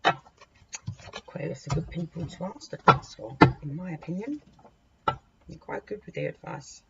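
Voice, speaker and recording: A woman's voice: low voice, very animated, measured pace, vocal fry. Chatty woman giving a tarot reading. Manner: chatty, rambling, talks to the cards as she deals. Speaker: tarot reader. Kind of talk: casual tarot reading to viewers. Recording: dull lo-fi recording with faint hiss.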